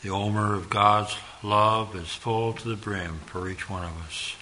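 A man preaching a sermon, slow and earnest, repeating his point and rising to sudden loud emphasis. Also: on the low side, fairly even intonation, a little hiss or hum.

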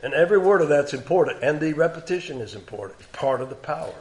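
A man giving expository Bible teaching, reading old scripture aloud with growing force and dropping to quiet comments between passages. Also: fairly high pitch, lively intonation, fast talker. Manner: reads King James scripture aloud with rising force.

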